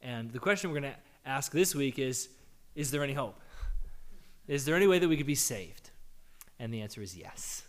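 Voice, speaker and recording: A pastor giving a conversational sermon, his voice hoarse from a cold, posing questions and answering them. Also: mid-range voice, animated, brisk.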